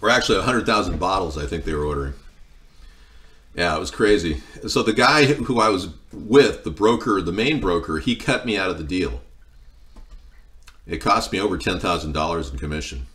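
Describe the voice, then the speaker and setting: A man hosts a casual livestream, chatting while he cooks, drifting into long meandering stories and answering viewers' comments. His voice sits low and sounds pushed and bright, expressive at a moderate pace.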